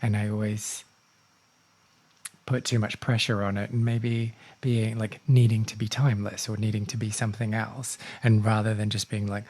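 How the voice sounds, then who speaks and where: A man hosting a casual podcast interview, animated and excitable, laughing often and swearing now and then. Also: fairly low pitch, normal speed. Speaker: podcast host.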